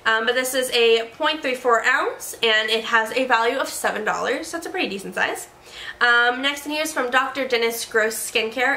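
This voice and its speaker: A woman with a bright, fairly high voice reviews products in casual chat. She is playful, makes joking asides and corrects herself often. The sound bounces around an echoey room over faint ambience. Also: moderate pace, slight background noise.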